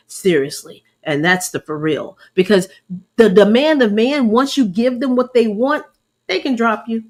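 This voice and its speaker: A middle-aged woman, sharing a faith-based personal testimony in an earnest, preacherly way and calling her listeners y'all. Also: medium pitch. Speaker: host.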